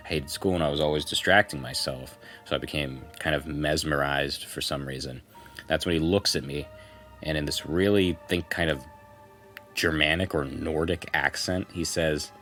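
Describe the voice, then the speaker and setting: A man with an extremely low, deep voice reads a first-person story aloud on a podcast, slipping in loose conversational asides between passages. Faint music sits quietly behind him. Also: steady tone, normal speed. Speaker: podcast co-host. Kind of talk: reading a forum post aloud as a story.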